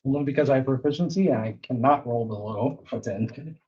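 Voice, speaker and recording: A man playing a tabletop game, excitable and quick to jump in. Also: medium pitch. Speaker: player. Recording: dull lo-fi audio.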